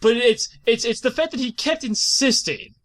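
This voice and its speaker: A man's voice: very high-pitched, moderate pace. A man hosting a podcast, ranting in casual chat, swearing a lot and laughing as he goes. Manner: animated profane ranting with frequent laughs. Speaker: podcast host.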